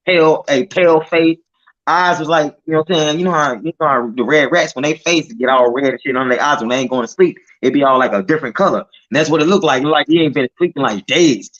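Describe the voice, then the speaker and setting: A man's voice: mid-range voice, fairly bright tone, lo-fi sound. A man telling testimonies in casual slang, tagging his lines with "man" and "you know", with some profanity. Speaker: street preacher in group discussion.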